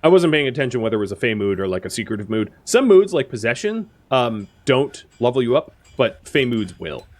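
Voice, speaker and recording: A man in the middle of casual gameplay commentary, his voice swinging widely in pitch as he chats to the little characters on his screen. He jumps from surprised outbursts to low muttered asides, all at an easy middle pitch. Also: sing-song, fairly quick, hardly any pauses. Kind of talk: casual let's-play commentary.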